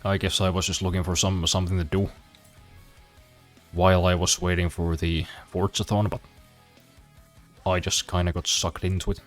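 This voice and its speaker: A man with a very deep voice talks loosely over a racing game, tossing off dry, self-mocking jokes. Faint game music runs quietly behind him. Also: flat delivery, moderate pace, long pauses. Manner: dry self-deprecating humor, swears casually. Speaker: streamer. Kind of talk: casual gameplay commentary.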